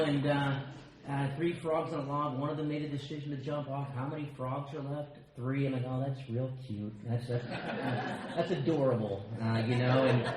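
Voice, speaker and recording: An American man giving a personal share at a recovery meeting, telling stories with quick asides and self-mocking humor. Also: fairly high pitch, slight background noise. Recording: very echoey room with faint ambience.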